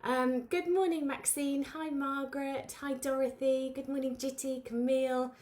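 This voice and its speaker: A woman's voice: high voice, flat delivery, normal speed, a little mellow. Woman hosting a live beading tutorial, chatty and informal. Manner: chatty, greets viewers by name, many fillers. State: out of breath. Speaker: craft tutorial host. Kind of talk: live-streamed craft lesson, chatty.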